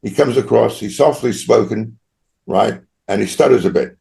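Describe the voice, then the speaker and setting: A man's voice: fairly low pitch, moderate pace, vocal fry, warm tone. An older man from Australia, a guest telling long rambling stories in an interview and often tagging his points with "right?". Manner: rambling anecdotal, frequent tag "right?". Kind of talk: storytelling interview.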